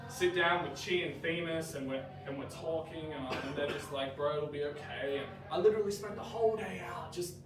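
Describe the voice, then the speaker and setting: A man's voice: a little high, brisk, hardly any pauses, music in the background. A man from Australia, preaching a conversational sermon and acting out both sides of conversations. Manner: animated storytelling, acts out both sides of conversations. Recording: echoey church hall, mic at a distance, audible room noise.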